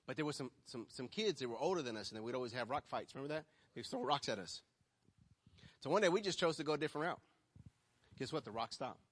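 Man preaching, swinging from quiet to loud. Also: mid-range voice, lively intonation, fast talker. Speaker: pastor. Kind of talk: sermon. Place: church hall. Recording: long hall reverb.

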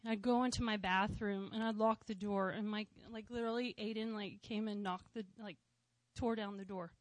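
A woman's voice: medium pitch, fairly even intonation, moderate pace, no echo. A woman in her thirties sharing a personal testimony in church, heartfelt and conversational with touches of light humor.

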